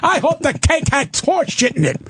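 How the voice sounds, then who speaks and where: An older man, a comedian guest, ranting loudly and profanely on a radio show. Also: very high voice, very animated, normal speed, a little hiss or hum.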